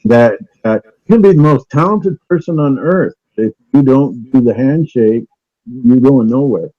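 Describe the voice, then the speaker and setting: A man calls in as a guest on a talk stream, chatting casually about conspiracies over remote call audio with the highs cut off. His mid-range voice is animated but a little slow, and he hesitates a lot, full of fillers and restarts.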